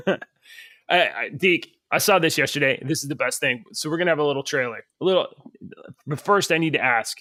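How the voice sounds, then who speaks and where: Male podcast co-host, bright and playful, dry close mic. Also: on the high side, animated, fairly quick, no echo. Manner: playful, teasing setups. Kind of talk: casual chat.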